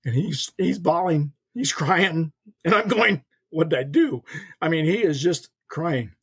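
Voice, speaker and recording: An older podcast guest tells his personal faith story in a slightly high, bright voice with a breathy edge, animated yet unhurried. His telling is earnest and folksy, with quoted voices acted out as part of the testimony.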